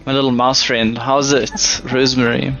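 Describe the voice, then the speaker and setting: A man's voice: medium pitch, little pitch movement, moderate pace, gravelly, fairly bright tone, faint music behind. A man playing a tabletop game, chatting in character with stammers and restarts. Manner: stammering, laughing. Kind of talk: casual in-character chat. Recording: dull lo-fi mic.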